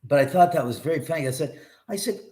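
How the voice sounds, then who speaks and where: A man's voice: a little high, lively intonation, fast, dark tone. A middle-aged man hosting a live stream from his home, chatting casually in a rambling, profane way.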